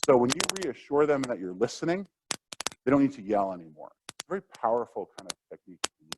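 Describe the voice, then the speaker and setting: Lively, conversational man giving a lecture. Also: mid-range voice, quick pace. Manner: conversational, acts out quotes. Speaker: workshop presenter. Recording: steady background noise.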